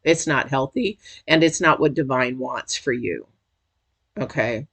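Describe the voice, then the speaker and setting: A tarot reader giving a casual intuitive reading straight to viewers, chatty and emotional, with sudden high exclamations. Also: unhurried, vocal fry, a bit bright.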